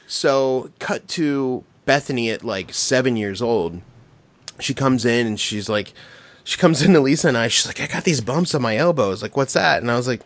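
A middle-aged man co-hosting a podcast, spinning profane stories with a lot of laughter. His pitch swings widely as he gets worked up, and he sits at an ordinary middle pitch for a man. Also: normal speed. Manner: animated, profane, laughing storyteller. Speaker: podcast co-host. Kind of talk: casual storytelling chat.

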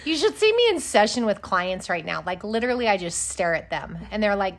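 A woman's voice: mid-range voice, sing-song, fairly quick, hardly any pauses. A middle-aged woman from Wyoming co-hosting a casual chat, telling stories with sarcasm and swearing freely. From Wyoming, United States. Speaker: podcast co-host.

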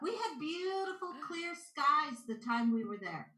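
Canadian woman chatting as a guest, bright voice a bit high, animated storyteller, echoey room. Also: a little slow. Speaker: guest intuitive. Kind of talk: casual interview chat.

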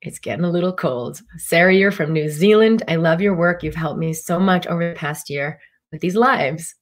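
A woman's voice: lowish voice, normal speed. A woman physician hosting a live stream, talking casually with a meandering style full of fillers and restarts. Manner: meandering, easygoing talk with frequent fillers and restarts. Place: Durango, Colorado.

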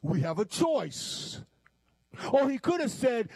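Emphatic high-voiced male preacher. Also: animated, a little mellow, slightly rough. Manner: emphatic, quotes scripture with dramatic pauses, shifts pace often. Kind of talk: sermon.

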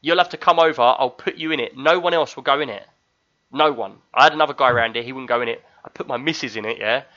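Show regular, man in his thirties, bright forceful voice, lively storyteller, dull lo-fi recording. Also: mid-range voice, quick pace. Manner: animated storyteller, acts out screams. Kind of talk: casual chat.

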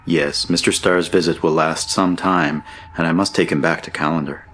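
Man doing a loyal young miner, plain and earnest, deep husky voice. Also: fairly even intonation, moderate pace, a bit bright. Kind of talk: audiobook character voice.

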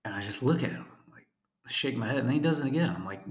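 A man's voice: mid-range voice, animated, quick pace, reverberant. A man in his twenties telling a story in a casual, profane rant, full of fillers. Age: 20s. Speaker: podcast host.

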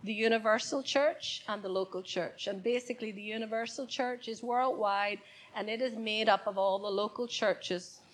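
A woman's voice: medium pitch, normal speed, poor audio. A woman preaching a sermon to her congregation, speaking off the cuff and repeating key words for emphasis. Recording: church service, congregation present.

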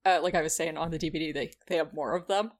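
A woman co-hosting a casual podcast chat, easygoing and agreeable, chiming in with quick replies. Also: low-pitched, fairly even intonation, a crowd in the background. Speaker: podcast co-host.

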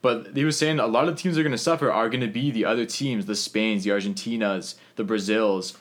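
Fast-talking upbeat podcast host. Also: male voice, on the low side, steady tone. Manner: upbeat, laughs often, runs the news segment. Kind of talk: casual sports chat.

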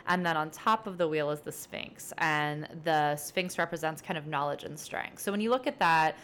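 Solo podcast host, female, low-pitched, casual and rambling, friendly energy. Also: normal speed, a bit bright, a little hiss or hum. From based in New York City. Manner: chatty, upbeat, rambling with fillers. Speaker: podcast host and tarot reader.

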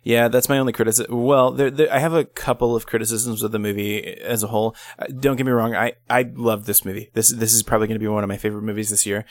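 A man in his thirties chats through a movie review at a brisk clip, full of ums and restarts. His voice sits a little low, and the sound is dry and close with no room around it. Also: flat delivery, no room sound. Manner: rambling, self-correcting, frequent ums. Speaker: podcast co-host. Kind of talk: casual movie review chat.

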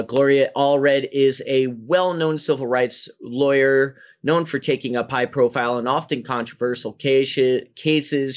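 A male co-host who chats casually and laid-back, with a mid-pitched voice. He talks through his points with easy fillers. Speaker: podcast co-host. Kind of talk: casual podcast chat.

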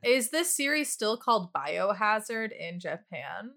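A woman's voice: medium pitch, sing-song, a little slow, gravelly, fairly bright tone. A woman co-hosting a casual comedy podcast, chatting and asking curious questions. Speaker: podcast co-host.

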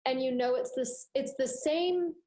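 A woman's voice: sits high, unhurried. A young woman, a student co-host, chatting casually with lots of fillers and acting out quoted voices. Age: young adult. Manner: animated, acts out quoted voices, many fillers. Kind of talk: casual chat. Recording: echoey room.

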